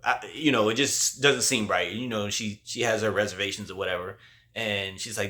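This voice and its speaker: A man's voice: lowish voice, animated, moderate pace, a bit bright. A male host giving a casual spoiler movie review, retelling the plot in a loose, slangy way with lots of "like".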